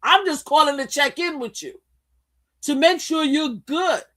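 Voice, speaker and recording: A woman voicing a smooth-talking, manipulative man who keeps coaxing and reassuring a woman over the phone. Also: high voice, unhurried, sharp tone, voice pushed up. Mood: soothing, insistent.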